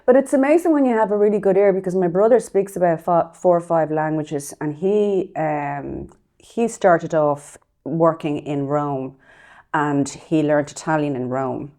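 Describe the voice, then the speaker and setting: Woman co-host, Dublin accent; very low voice, relaxed chatty delivery. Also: unhurried. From Dublin, Ireland. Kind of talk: casual chat.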